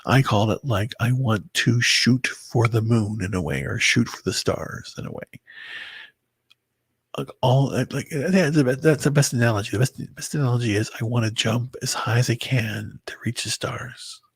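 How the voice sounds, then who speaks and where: A very tired man talking to his viewers in a halting personal monologue, often stumbling and restarting his words. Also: medium pitch, slightly rough, dry recording. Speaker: vlogger. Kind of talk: rambling personal monologue to camera.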